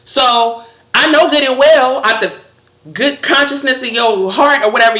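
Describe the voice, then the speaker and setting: A woman's voice: medium pitch, bright, forceful tone, roomy sound. A woman delivering a heated, profane, scolding monologue with a sarcastic edge. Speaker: commentator.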